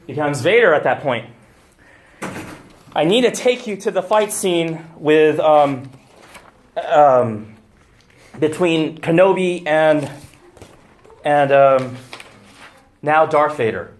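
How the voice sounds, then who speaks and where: A man, a deacon, giving a lively public talk, loud and excitable with many fillers and restarts. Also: on the high side, takes it slowly, long pauses. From United States. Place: restaurant event room. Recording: echoey room.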